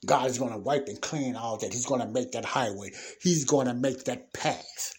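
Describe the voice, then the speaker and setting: A man teaching from the Bible in a casual sermon, reading scripture slowly with emphasis and then explaining it in everyday talk. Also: mid-range voice, darkish tone, breathy edge. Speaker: preacher.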